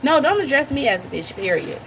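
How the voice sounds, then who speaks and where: A woman's voice: high-pitched, big pitch swings, brisk, a bit bright, a little hiss or hum. A young woman hosting a reaction channel, talking bluntly and animatedly straight to her viewers in casual commentary.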